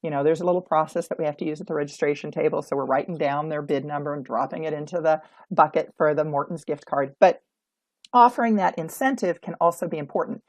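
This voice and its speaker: Woman, auction consultant, instructional video, gravelly low voice, dry close sound. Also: fast, no room sound. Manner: emphatic, coaching tone, acts out example dialogue.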